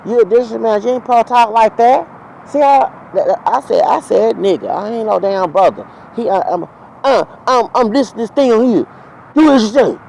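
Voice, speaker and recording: A man's voice: very high-pitched, fairly quick, gravelly, darkish tone, poor audio. A man telling a heated, profane, rambling story as a vlogger, outdoors near traffic. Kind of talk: ranting storytime monologue.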